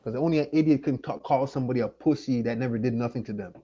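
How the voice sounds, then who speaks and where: On a muffled recording, a Jamaican host vents on his channel's livestream with a mellow, mid-range voice that moves fast. Tipsy from liquor and weed, he swears, sounds irritated, and circles back over the same complaints repeatedly.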